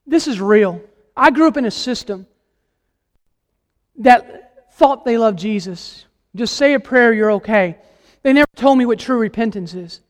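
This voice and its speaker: High voiced guy preaching hard in a church, big echo hanging after every line. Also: animated, a little slow, pauses often. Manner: impassioned, emphatic, asks the congregation questions. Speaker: guest preacher. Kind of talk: sermon. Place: church sanctuary.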